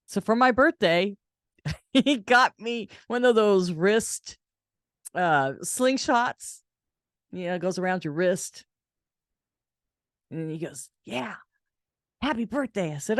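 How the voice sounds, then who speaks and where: In studio-quality audio with no room sound, the caregiver and channel host shares a personal story on her casual vlog, talking a little slowly with long pauses. Animated throughout, she performs the quoted lines in a higher-pitched voice.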